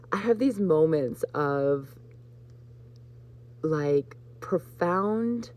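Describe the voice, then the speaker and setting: A woman hosting a live spiritual card reading, talking gently to her viewers and getting emotional at times. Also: low-pitched, gravelly. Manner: warm, emotional, choked up with laughter at times. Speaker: host.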